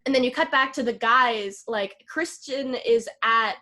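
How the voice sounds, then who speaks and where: A woman co-hosting a casual podcast, retelling a film plot in an animated way, acting out quotes and swearing freely. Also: fairly high pitch, measured pace. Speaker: podcast co-host.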